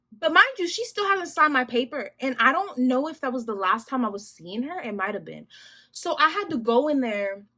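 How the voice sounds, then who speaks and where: A young adult woman vlogger telling a story in a casual, animated, slangy way, addressing viewers directly. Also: on the high side.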